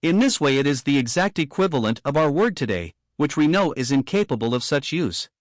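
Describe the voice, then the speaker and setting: A man reading a theological book aloud in a steady, measured, formal way. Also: on the high side, dry recording, studio quality. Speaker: audiobook reader.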